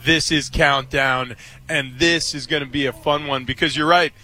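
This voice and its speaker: A man's voice: on the high side, fairly even intonation, moderate pace, sharp tone. A man co-hosting a sports radio show, talking in a rambling, enthusiastic way.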